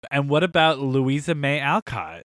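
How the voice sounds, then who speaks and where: A man's voice: mid-range voice, big pitch swings, moderate pace, a bit bright. A man hosting a podcast in casual chat, quizzing his co-hosts and laughing often. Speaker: podcast host.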